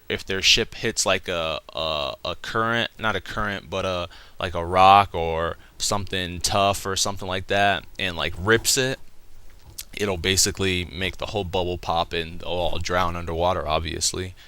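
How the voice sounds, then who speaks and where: A young man ambles through a casual comic review, swearing freely as he goes. His voice sits a little low but comes across bright and crisp. He tells the story in a loose, rambling way. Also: fairly even intonation, moderate pace, no room sound. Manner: rambling, profane, laughing retelling. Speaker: manga reviewer.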